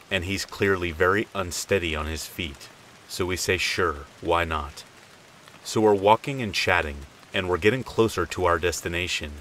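Low voiced guy telling a creepy true story, casual, soft rain behind. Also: a little hiss or hum, low-quality recording. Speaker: horror story narrator. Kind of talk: first-person scary story narration.

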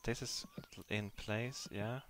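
A man streaming a game live, chatting casually and excitably to his viewers at a desk mic, with whoops and swearing. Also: lowish voice, takes it slowly, a little hiss or hum.

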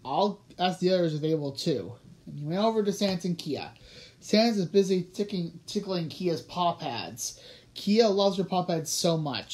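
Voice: mid-range voice, darkish tone. A young amateur reader narrating a fan story aloud, often stumbling and correcting words mid-sentence. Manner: stumbling, self-correcting reading. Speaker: audiobook reader.

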